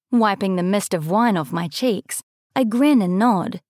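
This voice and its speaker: A young adult woman reading a first-person audiobook, measured and lightly expressive, on a close studio mic. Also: medium pitch, dry recording. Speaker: audiobook narrator.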